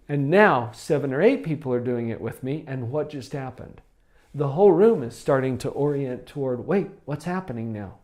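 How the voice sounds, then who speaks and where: In a calm, measured teaching tone, a man counts down classroom behaviour strategies in a scripted talk. When he acts out quoted speech, his pitch jumps suddenly.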